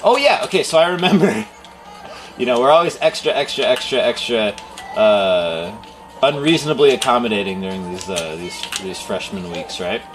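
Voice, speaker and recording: A man's voice: mid-range voice, normal speed, music in the background. Chatty store owner guy streaming, rambles a lot, voice jumps all over. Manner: rambling storyteller, laughs and animated quoting. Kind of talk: casual livestream chat.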